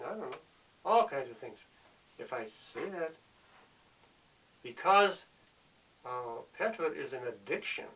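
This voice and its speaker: A man's voice: on the high side, a bit bright, far from the mic, low-quality recording. A man delivering an earnest, preachy monologue, often repeating himself as he presses his point. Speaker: speaker of the show.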